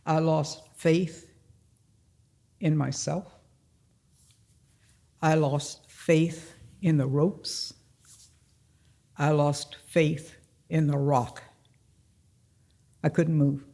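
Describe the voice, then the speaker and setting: Older man, live personal storytelling, library event, very slow delivery, gravelly voice, acts out dialogue. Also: a little high, level tone, dark tone. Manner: unhurried, plain-spoken, acts out the dialogue. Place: public library event room.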